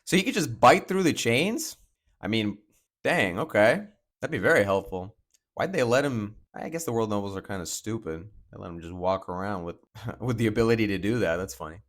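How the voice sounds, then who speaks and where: Man, lowish voice, casual musing reaction host, talks through his thoughts. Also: animated, moderate pace. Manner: chatty and musing, thinks aloud with fillers.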